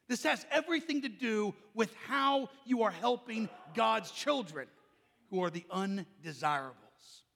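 Brief: male preacher, loud carrying delivery, lively storyteller, long church reverb. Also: high-pitched. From Oklahoma. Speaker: pastor. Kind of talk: sermon with personal story.

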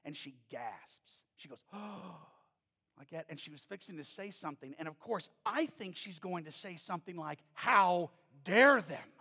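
High, gravelly preacher in a reverberant hall. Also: male voice, a little fast, hardly any pauses. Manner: animated, storytelling preacher who rises to emphatic peaks. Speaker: pastor. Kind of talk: sermon. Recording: long reverb of a large hall.

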